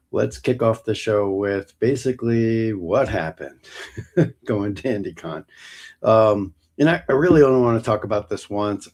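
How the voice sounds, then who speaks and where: A middle-aged man hosting his own show, talking casually and haltingly with many ums and restarts. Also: on the low side, a little mellow. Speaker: podcast host. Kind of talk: casual solo talk.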